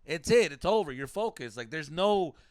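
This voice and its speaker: A young man, co-hosting a casual podcast chat and telling animated stories full of swearing and Spanish slang. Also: a little high, normal speed, dry recording, clean studio sound. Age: young adult. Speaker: podcast co-host.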